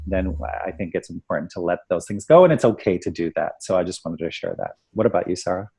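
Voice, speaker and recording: Earnest low-voiced man from Canada. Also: quick pace, vocal fry, warm tone, husky. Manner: earnest, enthusiastic, shares quotes. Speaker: webinar co-host. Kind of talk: casual spiritual discussion.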